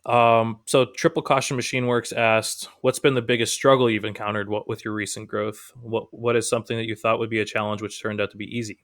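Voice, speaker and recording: A man's voice: on the low side, little pitch movement, a little fast, few pauses, fairly bright tone, no echo, studio quality. A man hosting a podcast interview in an easygoing, conversational way, reading listener questions aloud. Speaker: podcast host.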